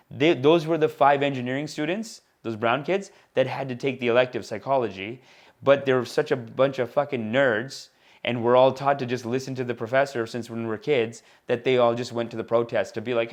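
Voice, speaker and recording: A man's voice: medium pitch, moderate pace. Rambling, slangy comedian man. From India. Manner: animated, rambling, slangy with repeated asides. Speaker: comedian podcast host. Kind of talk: casual comedic monologue.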